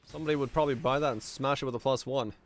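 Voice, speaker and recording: A man streaming a video game, reading viewer messages and chatting casually in a relaxed, rambling way. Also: medium pitch, very fast. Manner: relaxed, rambling, reads chat aloud. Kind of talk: casual chat while playing.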